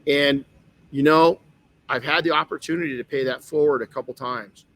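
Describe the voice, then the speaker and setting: A man's voice: on the high side, steady tone, moderate pace, fairly bright tone. A middle-aged man hosting a motivational podcast, telling a personal story earnestly with many restarts. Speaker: podcast host.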